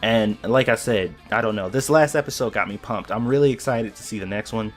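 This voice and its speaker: A man giving casual reaction commentary on an anime episode, excited and rambling, often restarting his sentences. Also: lowish voice, a little fast, faint music behind.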